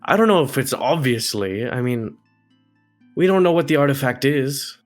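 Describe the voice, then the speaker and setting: A man's voice: mid-range voice, expressive, moderate pace, faint music behind. A man playing a tabletop game, asking curious questions in casual talk. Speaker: player.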